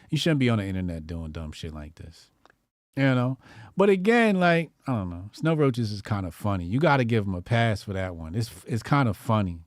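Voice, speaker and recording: A man's voice: fairly low pitch, no room sound. Comedian guy riffing on internet posts, cussing, laughing a lot, dry close sound. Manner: profane, laughing, slangy and off-the-cuff. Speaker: comedian host.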